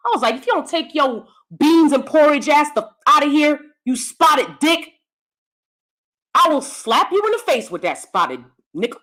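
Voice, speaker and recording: American woman commentator, high voice with a wide range, blunt and profane. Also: sing-song, moderate pace, hardly any pauses, a bit bright. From United States. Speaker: YouTube commentator. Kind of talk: ranting commentary.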